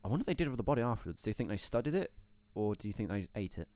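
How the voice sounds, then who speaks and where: A man's voice: on the low side, sing-song, racing, mellow, no echo. Rambling man with a dry sound. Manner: rambling, laughs easily. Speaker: podcast co-host. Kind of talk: casual chat.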